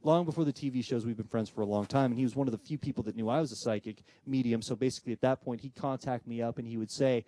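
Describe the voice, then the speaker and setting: A fast-talking man with a medium-pitched voice barely pauses as he addresses a live audience about spirit communication. He's an animated storyteller, voicing the people in his quoted dialogue.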